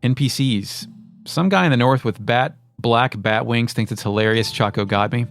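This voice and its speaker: A man co-hosting a casual podcast about a video game, joking wryly and tossing in quick asides. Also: medium pitch, creaky, soft background music. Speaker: podcast co-host.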